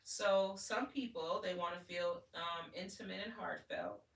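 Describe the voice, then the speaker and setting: A woman's voice: lowish voice, sing-song, measured pace. A woman hosting a live-stream talk show, giving emphatic advice and often checking in with her audience. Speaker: host and sex educator. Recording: echoey room, mic at a distance.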